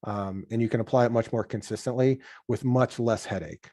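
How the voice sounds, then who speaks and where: A man being interviewed as a podcast guest, chatting in an animated way and acting out workplace conversations. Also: medium pitch, a little fast, dry recording, clean studio sound. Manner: animated, acts out workplace dialogue. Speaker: podcast guest, software founder.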